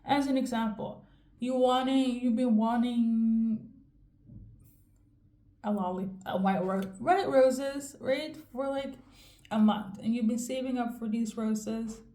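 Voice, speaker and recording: A woman with a raised yet mellow voice gives a casual tarot reading. She rambles in a fairly monotone way, keeps checking in with the listener, and sounds as if she is in an echoey room. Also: on the high side, takes it slowly. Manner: monotone delivery. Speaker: tarot reader.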